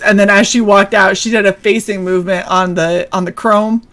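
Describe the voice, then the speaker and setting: Young woman on stream telling a story, swears a ton, laughs a lot, middle pitch. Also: level tone, moderate pace, a bit bright. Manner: profane, laughs often while telling. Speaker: stream co-host. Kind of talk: casual storytelling.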